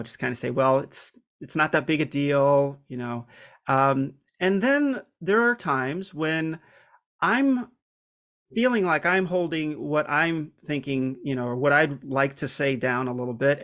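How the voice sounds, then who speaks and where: A man with a slightly higher-pitched voice talks through a personal topic in a relaxed, reflective monologue. He speaks candidly but hesitates often, filling gaps with ums and restarting his sentences.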